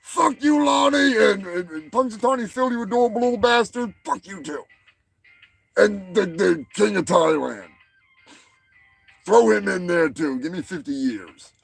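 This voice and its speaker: A man's voice: high voice, animated, normal speed, gravelly, husky, faint music behind. A man hosting a comedy show, delivering a rambling, crude monologue and stumbling over words. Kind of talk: profane comic monologue.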